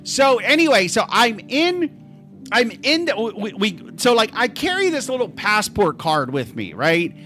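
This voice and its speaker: Man, livestream host, high voice, lively rises and falls, rambling casual storytelling. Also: measured pace, faint music behind. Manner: rambling, animated, self-interrupting. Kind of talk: casual storytelling to a live chat.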